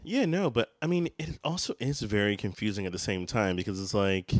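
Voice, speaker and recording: Guy podcast cohost, kinda low voice, umms and trails off, dry close sound. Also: fairly quick, hardly any pauses, no room sound. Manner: hesitant, trails off, fillers and restarts. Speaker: podcast co-host. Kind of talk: casual TV episode recap chat.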